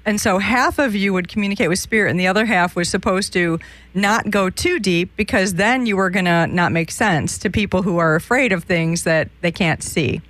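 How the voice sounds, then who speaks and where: A woman's voice: mid-range voice, normal speed, a bit bright, dry recording. Chatty woman psychic host. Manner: chatty, meandering, frequent restarts. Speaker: psychic call-in show host. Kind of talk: live call-in psychic readings.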